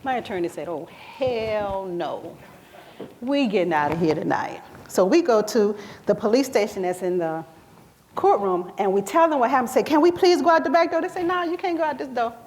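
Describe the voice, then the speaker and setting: A woman's voice: on the high side, animated, brisk, darkish tone, slight background noise. A woman giving a speech about her own life, acting out the voices of the people in her story. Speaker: survivor sharing her story. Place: event hall.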